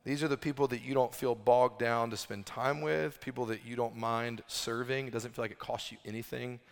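A man preaching a sermon as pastor, in a conversational way full of "like" and restarts. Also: mid-range voice. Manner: conversational, lots of "like" fillers and restarts. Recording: long reverb of a large hall.

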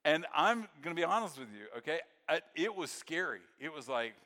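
Pastor guy, bright forceful voice, big church hall echo, storytelling sermon that goes loud then real quiet. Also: fairly high pitch, a little fast. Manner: storytelling, swings from excited to very soft and hushed. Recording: long hall reverb.

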